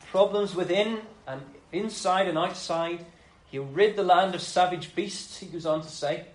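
Echoey preacher man, slightly high. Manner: expository, paraphrases God in casual first person. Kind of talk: sermon. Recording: echoey room.

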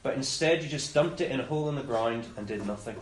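A man preaching a conversational sermon, often voicing the master's words in quick asides. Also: medium pitch. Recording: roomy echo with faint ambience.

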